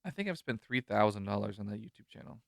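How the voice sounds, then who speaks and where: A man's voice: on the low side, expressive, creaky, no echo, clean studio sound. A man hosting a podcast who chats casually, rambling and joking. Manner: rambling, jokey, quick to laugh. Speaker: podcast host.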